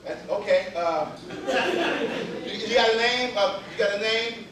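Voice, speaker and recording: A man's voice: high-pitched, unhurried, background noise. Storytelling man on a live stage. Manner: conversational storytelling with slang, repeats and voice shifts. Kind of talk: live comic monologue. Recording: echoey hall from far off with audience.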